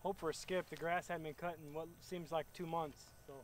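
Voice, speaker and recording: A young man, chatting excitably to viewers as he narrates his own disc golf round outdoors. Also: a little high, a little fast, slight background noise. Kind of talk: casual play-by-play self-commentary.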